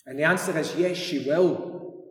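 A male pastor delivering a sermon, telling the story slowly and dramatically with many rhetorical questions. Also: a little high, a bit bright. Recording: echoey hall from far off.

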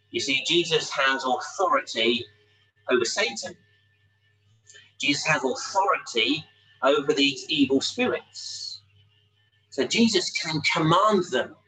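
A man's voice: fairly high pitch, sharp tone, far from the mic, poor audio. A man preaching a sermon, explaining a scripture passage with frequent rhetorical tag questions. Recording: voice a little off-mic, faint hum.

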